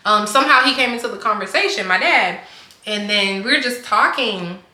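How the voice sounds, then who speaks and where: A woman's voice: mid-range voice, expressive, moderate pace, sharp tone. A young woman telling a casual storytime, chatty and rambling, filling her talk with "like". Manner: chatty, rambling, heavy use of "like". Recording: echoey room.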